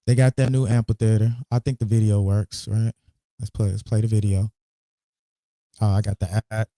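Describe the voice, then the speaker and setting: A man's voice: fairly low pitch, moderate pace, no echo, clean studio sound. Teasing man hosting a stream. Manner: animated, teasing, repeats words. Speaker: podcast host. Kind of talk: casual commentary livestream.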